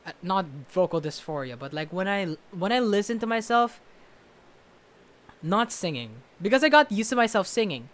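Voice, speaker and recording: A loud, rambling young man talks into his laptop camera from his bedroom, mocking himself as he goes. His voice sits high for a man. The tone is an easy, unscripted vlog chat. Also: sing-song, moderate pace. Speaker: vlogger and musician. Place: bedroom at home. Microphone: webcam or laptop camera.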